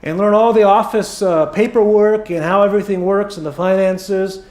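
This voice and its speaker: A man voicing an older businessman who dotes on his son-in-law, telling a joke in a lifted, quicker voice with a sore, hoarse throat. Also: high voice, fairly even intonation, darkish tone, roomy sound, lightly acted. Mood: coaxing. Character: older male businessman, fond father-in-law.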